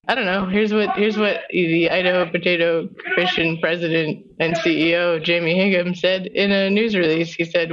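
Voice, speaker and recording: A woman's voice: on the low side, little pitch movement, moderate pace, hardly any pauses. A woman hosting a podcast in casual chat, giggling often and swearing freely as she rambles. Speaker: podcast host. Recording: muffled lo-fi recording.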